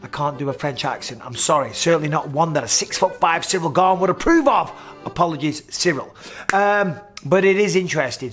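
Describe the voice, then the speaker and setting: A man's voice: on the high side, a bit bright. A middle-aged man, a former fighter, giving blunt, casual commentary and swearing freely.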